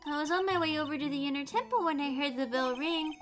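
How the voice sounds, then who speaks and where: A woman's voice: sits high, quick pace, pitched above the performer's own voice, close to an everyday voice. A woman voicing an earnest, timid little girl while reading game dialogue aloud, in a small, sincere, childlike delivery. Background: lofi background music.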